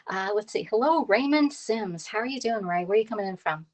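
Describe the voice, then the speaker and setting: A woman's voice: medium pitch, expressive, brisk. Woman, thirties, chatty live-stream cook, laughs a lot, greets viewers by name. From Pennsylvania. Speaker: cooking live-streamer and kitchen tools consultant. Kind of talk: casual live-stream chat while cooking.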